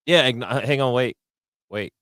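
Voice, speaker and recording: A man co-hosting a podcast in casual joking banter, teasing his partner and cutting in with quick jokes. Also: medium pitch, fairly bright tone. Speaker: podcast co-host.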